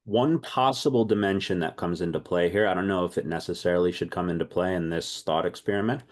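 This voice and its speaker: A man leading an online language class, lively and thinking aloud, often repeating himself. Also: low-pitched, fast. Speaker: language teacher.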